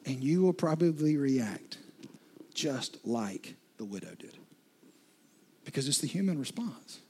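A man preaching a sermon as a pastor, talking straight to his listeners and swinging from loud questions to hushed whispers. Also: on the high side, expressive, a little slow, slightly rough. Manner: addresses listeners directly with repeated questions.

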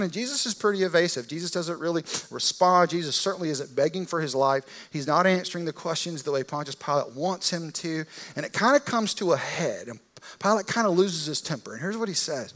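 A man's voice: fairly high pitch, animated, fairly quick, a bit bright. Casual storytelling male preacher. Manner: casual storytelling, vivid and conversational. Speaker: pastor. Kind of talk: sermon.

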